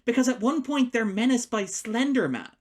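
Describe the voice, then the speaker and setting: A man co-hosting a film podcast, chatting casually and animatedly, laughing often and acting out quoted lines as quick asides. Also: extremely high pitch. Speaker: podcast co-host, film critic.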